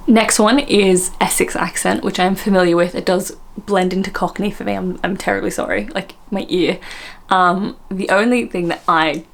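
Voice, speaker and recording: A woman's voice: mid-range voice, fairly even intonation, moderate pace, vocal fry, hardly any pauses. An Australian woman vlogging in casual chat, apologetic and self-mocking, often breaking into laughter.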